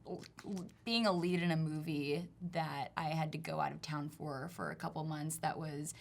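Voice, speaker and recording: A woman's voice: low voice, fairly even intonation, normal speed, creaky. A woman in her twenties, a co-host and actor, talking casually on a studio panel show, thoughtful and full of fillers. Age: 20s.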